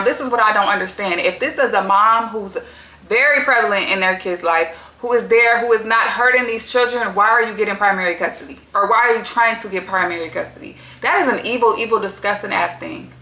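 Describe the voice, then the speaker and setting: A woman's voice: a little high, pushed and bright, echoey room. A woman hosting a casual reality-TV recap, talking bluntly with lots of profanity and strong opinions. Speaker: TV recap host.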